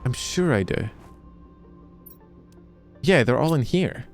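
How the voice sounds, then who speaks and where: Soft music plays behind a Scottish streamer who speaks slowly in an animated, mid-range voice. Casual and jokey, he talks to his chat mid-game and curses without holding back.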